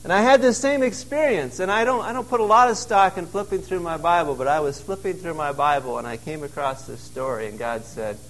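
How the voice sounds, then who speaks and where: A man's voice: fairly high pitch, fairly quick, few pauses, a bit bright, poor audio. A man preaching a sermon in an earnest, conversational way, recorded out in a wilderness cave. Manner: earnest, conversational preaching with emphatic quoted lines. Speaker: pastor.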